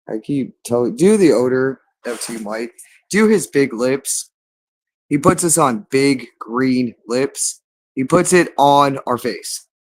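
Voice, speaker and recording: A man delivering a rambling monologue, insistent and repetitive, stretching out words for emphasis. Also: mid-range voice.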